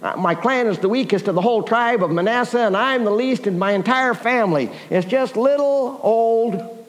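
A man's voice: very high voice, normal speed, voice pushed up. A preacher voicing a despairing young man who complains and pleads. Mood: pleading. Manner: whining, pleading. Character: grumbling young man, despairing and self-pitying. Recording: long hall reverb.

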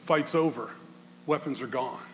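A male pastor preaching a conversational sermon to his congregation, swinging from loud bursts to quiet asides. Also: a little slow, in a large hall, slight background noise. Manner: conversational preaching, animated swings in pitch and volume.

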